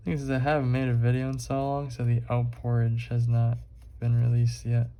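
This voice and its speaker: A man's voice: mid-range voice, monotone, fairly quick, highs cut off. A young man vlogging while he draws, rambling casually with lots of fillers and swearing. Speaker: art vlogger.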